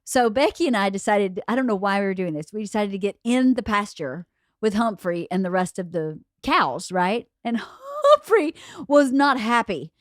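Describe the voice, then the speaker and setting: A woman's voice: mid-range voice, very animated, moderate pace, dry recording. Lady telling a wild story on her podcast, laughing as she goes, bouncy voice, dry mic. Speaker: podcast host. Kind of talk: casual storytelling chat.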